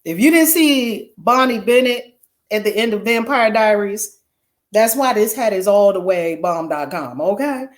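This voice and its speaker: A woman's voice: mid-range voice, lively intonation, measured pace. A woman author hosting a casual livestream, exuberantly calling out greetings to viewers by name.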